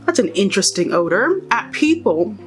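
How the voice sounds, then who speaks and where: A woman's voice: medium pitch, sing-song, moderate pace, soft background music. A young woman chatting casually while doing her makeup, giving rambling, opinionated commentary with exasperated asides. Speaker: beauty and pop culture vlogger.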